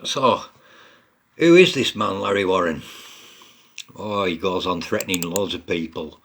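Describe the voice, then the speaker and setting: A man's voice: deep voice, a little slow, creaky, a bit bright. A man giving blunt, mocking commentary on online posts, swearing a lot as he goes.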